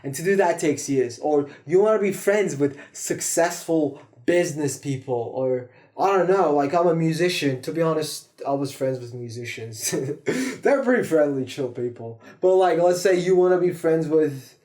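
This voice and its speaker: Man, fairly high voice, self-improvement vlogger, swearing, rambling, loud bursts then quiet asides. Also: lively intonation, moderate pace. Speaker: self-improvement video host. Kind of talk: casual monologue to camera.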